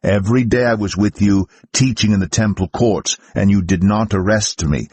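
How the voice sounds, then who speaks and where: A man voicing Jesus as a grave, sorrowful teacher, speaking slowly and solemnly in a scripture reading. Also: fairly low pitch, a little mellow, husky, dry recording. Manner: slow, solemn delivery.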